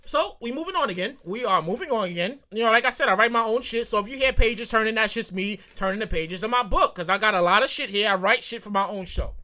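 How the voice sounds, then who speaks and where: A podcast host with a New York accent, ranting solo in a comedic way, who gets excited, repeats phrases and swears freely. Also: mid-range voice, fast.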